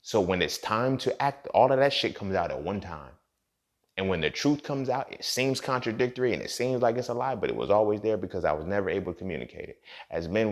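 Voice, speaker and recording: A young man hosting a podcast, talking in a blunt, profane, casual monologue straight to his listeners. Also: low-pitched. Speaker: podcast host.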